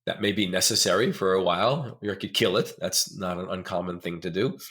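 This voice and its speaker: A man's voice: low-pitched, fairly quick, fairly bright tone. A middle-aged man speaking as a therapist guest in a conversational interview, earnest and emphatic, explaining ideas through examples.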